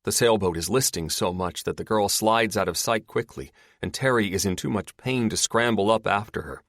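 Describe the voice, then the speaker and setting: A man reads an audiobook as scripted narration, steady and measured, in a voice on the low side. The sound is clean studio quality with no echo.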